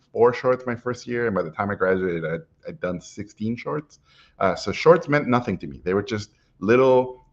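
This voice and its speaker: A middle-aged man telling a personal story in a lively way, acting out what people said to him, with frequent "uh"s. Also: lowish voice, muffled recording. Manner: lively anecdotal, acts out quotes, frequent "uh". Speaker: animation guest speaker.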